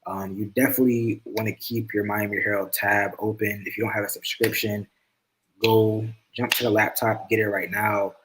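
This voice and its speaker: A man from the United States, a sports reporter guest on a podcast, talking in a relaxed, easy-going way. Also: fairly low pitch, normal speed, slight background noise, low-quality recording. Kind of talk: casual sports chat.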